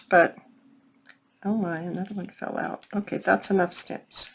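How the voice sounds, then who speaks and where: A woman's voice: fairly low pitch, steady tone, measured pace, gravelly, slightly rough. A woman chatting casually while working on a craft project, thinking aloud and talking to her viewers. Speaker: craft vlogger. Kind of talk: casual crafting tutorial chat.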